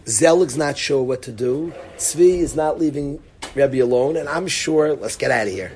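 A middle-aged man casually telling a personal story, acting out the dialogue and dropping to a hush for quoted lines. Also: on the high side, unhurried, a little hiss or hum. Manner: animated, acts out dialogue, drops to near-whisper for quoted lines. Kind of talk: casual spoken anecdote.

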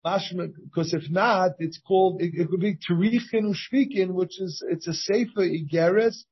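In a Talmud class, a rabbi reads Hebrew and Aramaic passages and translates them phrase by phrase, frequently restarting. He speaks at normal speed in a high, husky voice, and the recording sounds dull and lo-fi.

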